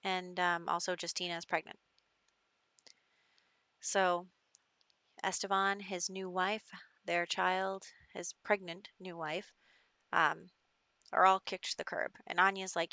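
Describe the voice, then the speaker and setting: A woman's voice: fairly low pitch, level tone, slow pace, long pauses, sharp tone, no room sound. A young woman casually narrating her gameplay as the show's host, telling the story in a chatty way with fillers. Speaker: gaming video host.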